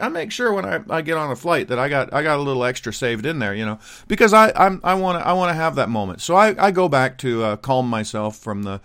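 Animated rambling man telling a story. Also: on the high side, no room sound, clean studio sound. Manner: animated, rambling with many restarts and asides. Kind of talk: casual storytelling monologue.

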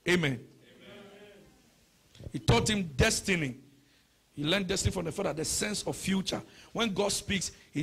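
A male pastor delivers a sermon in a husky, raspy voice that sits high. He swings from shouted, sing-song prayer to an easy teaching tone, tossing rhetorical questions at the room. The fry in his voice grinds through the quieter stretches.

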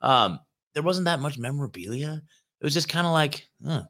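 A man's voice: a little high, expressive, normal speed, a bit bright. A man hosting his own show, telling a road-trip story in a loose, rambling monologue full of filler words and swearing, recorded in a hotel room. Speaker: host.

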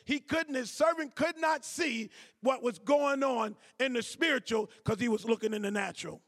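High-voiced preacher in a reverberant church. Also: male voice, fairly bright tone. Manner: call-and-response with congregation, reading scripture slowly. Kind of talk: sermon. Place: large church sanctuary. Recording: long hall reverb.

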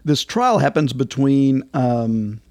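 A man's voice: medium pitch, sing-song, slow, darkish tone, dry recording. A man co-hosting a casual podcast, talking in a rambling way with lots of fillers and restarts. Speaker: podcast co-host.

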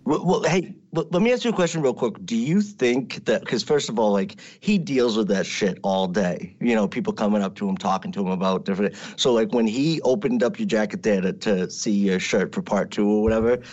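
Low-voiced male co-host, laid-back and profane, on muffled audio. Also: a little fast, few pauses, a little mellow. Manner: laid-back, swears freely, interjects often. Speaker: podcast co-host. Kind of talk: casual podcast chat.

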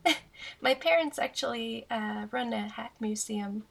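A woman from Sweden with a Swedish accent, a soft-spoken, giggly podcast guest in casual chat. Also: fairly high pitch, a little slow, gravelly. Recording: loud background noise.

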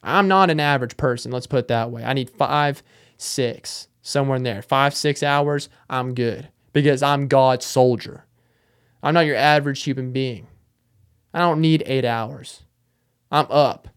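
A man's voice: medium pitch, moderate pace, clear, resonant tone. Young man rambling jokingly on a podcast. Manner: joking, rambling, self-mocking. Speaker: podcast host. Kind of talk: casual solo monologue.

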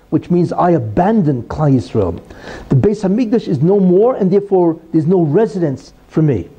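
Man teaching a Torah lesson, lively rising and falling pitch, dark husky tone, conversational, rhetorical questions. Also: moderate pace, dull audio. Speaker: religious teacher.

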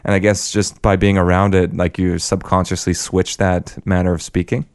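A man's voice: low-pitched, little pitch movement, normal speed, dry recording, studio quality. A man co-hosting a podcast in casual chat over a video call, laughing as he tells stories against himself. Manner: laughing, self-mocking storyteller. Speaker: podcast co-host.

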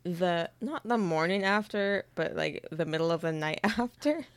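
A woman co-hosting a podcast, chatting casually about a book in relaxed, agreeable remarks with soft laughs. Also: on the low side, moderate pace, clear, resonant tone, dry recording. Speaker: podcast co-host.

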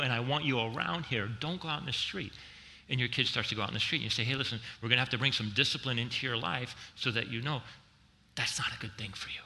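A middle-aged male pastor with a very bright, forceful tone preaches in a church, his voice trailing off in the long reverb of a large hall. He swings from loud, emphatic bursts to quiet, slowed-down reflection. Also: mid-range voice. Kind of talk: sermon.

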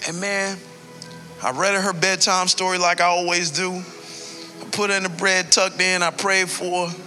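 A man's voice: high voice, moderate pace, sharp tone, faint music behind. A man in his thirties, a pastor telling a personal story in a sermon, emotional and building to a preaching cadence.

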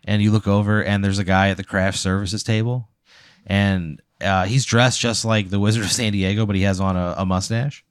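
A man's voice: on the low side, steady tone, normal speed, smooth, no room sound, clean studio sound. A young man improvising a comic story on a podcast, rambling with lots of "like" and swearing. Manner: rambling, many "like"s, swearing, laughing. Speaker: podcast co-host.

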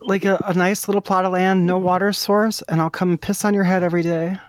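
A woman making prank phone calls, delivering absurd insults in a mock-earnest, deadpan way. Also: lowish voice, fast talker, background noise. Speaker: prank caller.

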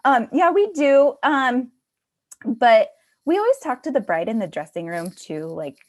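A woman's voice: a little high, very animated, unhurried. A woman who owns a bridal shop, talking casually in a podcast conversation with many fillers and restarts. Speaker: bridal boutique owner.

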